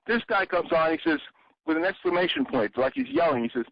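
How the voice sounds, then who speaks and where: A man being interviewed, an exhibit designer who tells lively anecdotes and acts out the people he quotes. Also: sits high, fast, creaky, dry recording. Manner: animated storyteller, acts out quotes. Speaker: interview guest. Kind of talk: casual interview. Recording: dry, muffled audio.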